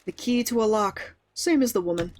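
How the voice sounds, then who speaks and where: A woman's voice: mid-range voice, darkish tone, close to an everyday voice. A woman reading as an aloof ancient god. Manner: measured, reading game text aloud.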